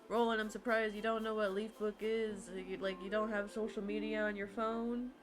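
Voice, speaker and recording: A woman's voice: mid-range voice, level tone, moderate pace, rough recording. A woman streamer chatting playfully and laughing often while she plays a game. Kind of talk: casual gaming stream commentary. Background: game music.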